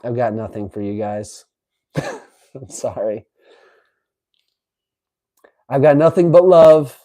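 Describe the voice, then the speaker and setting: Slow, mellow-voiced male streamer. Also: mid-range voice, low-quality recording. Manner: incredulous, animated, reads aloud with asides. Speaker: livestream host. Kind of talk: live-stream reaction chat.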